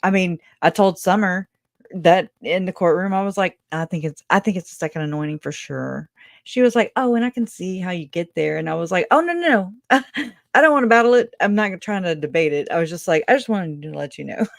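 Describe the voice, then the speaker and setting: A woman's voice: on the low side, a little fast, vocal fry, dry recording, clean studio sound. A woman hosting a call-in show, chatting casually, rambling and laughing often, trailing off mid-thought. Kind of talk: casual chat. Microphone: video call.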